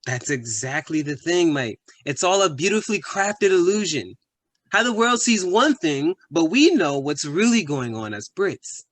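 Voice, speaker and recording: A man's voice: a little high, very animated, measured pace, fairly bright tone, no echo, exaggerated voice. A man playing a crude, pushy young British bloke with a British accent who is boastful and full of slang. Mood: leering. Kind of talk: comedy sketch acting.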